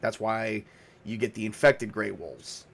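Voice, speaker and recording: A man's voice: on the low side, measured pace, gravelly, a bit bright, pitched below the performer's own voice, heavily acted. A tough, cagey huntress from Texas, as a man puts her on in a tabletop game, answering questions with dry, blunt defiance. She drawls her lines in an easy, unbothered way, barely raising her voice. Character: wary female hunter from Texas, blunt. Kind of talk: solo tabletop role-play voicing.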